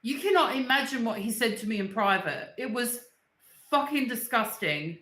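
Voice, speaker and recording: Expressive and a bit bright, this young woman's slightly high voice moves at a moderate pace. She's hosting a casual livestream, speaking bluntly and angrily, repeating herself and swearing, with an echoey room around her.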